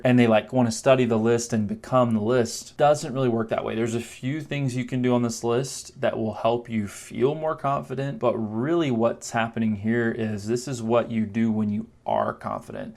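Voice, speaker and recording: Man, confidence coach, middle-pitched voice, casual direct-to-camera talk, explains with quick demos. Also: creaky, darkish tone.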